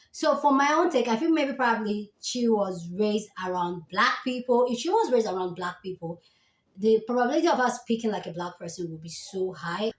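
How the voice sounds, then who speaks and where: A woman with a Nigerian accent, hosting a reaction video and calmly explaining her view in casual commentary. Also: mid-range voice, roomy sound. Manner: calm, explanatory, thinking aloud.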